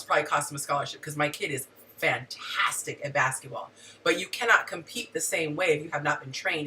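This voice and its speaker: A middle-aged woman hosting a casual talk show, frank and animated, telling stories with quoted asides. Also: low voice, distant mic, a little hiss or hum, low-quality recording. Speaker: host.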